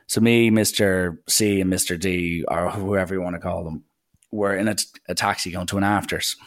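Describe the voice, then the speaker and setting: A young adult man with an Irish accent rambles through jokey stories in a casual monologue, often cutting himself off. He's animated and swings his pitch when acting out quotes.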